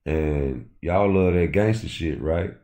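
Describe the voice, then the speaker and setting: Deep, mellow-voiced man ranting on a livestream. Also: slow. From Chicago. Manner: loose, profane, addresses chat directly. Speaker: livestream host. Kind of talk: casual livestream rant.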